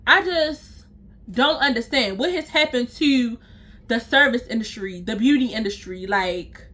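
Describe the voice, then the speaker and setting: A woman's voice: on the high side, unhurried, pushed and bright. A young woman telling a storytime to her viewers, blunt, profane and exasperated, talking straight to her audience. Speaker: storytime vlogger. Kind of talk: casual storytime rant to viewers.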